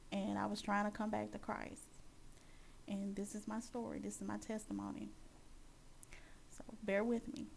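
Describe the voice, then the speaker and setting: A woman sharing her Christian testimony as a personal story. She talks earnestly and haltingly, with many fillers and restarts. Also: medium pitch, gravelly, darkish tone, slight background noise.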